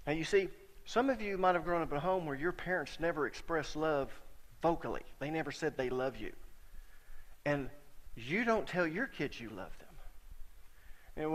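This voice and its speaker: A middle-aged man preaching a sermon as a pastor, telling stories in a conversational way and sometimes getting suddenly loud for emphasis. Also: a little high, expressive, measured pace, pauses often, in a large hall.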